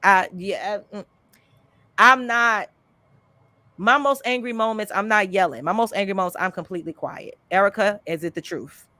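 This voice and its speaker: A woman's voice: mid-range voice, normal speed, dry recording. Chatty woman podcast host, dry sound. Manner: animated, chatty, frequent "you know" and "like". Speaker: podcast host and life coach. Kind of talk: candid conversational storytelling.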